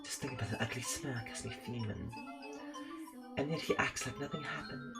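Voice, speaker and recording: A man's voice: mid-range voice, moderate pace, loud music behind the voice, natural voice. A man voicing a haughty, spoiled young noble girl, petulant and bossy.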